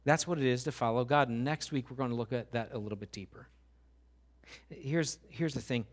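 A man, a pastor, preaching an animated sermon, often acting out quoted voices and building to loud, rising questions. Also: medium pitch, a little fast.

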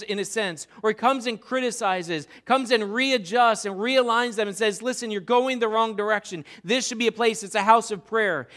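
High-voiced animated male pastor. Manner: animated storytelling, acts out crowd voices. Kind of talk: sermon.

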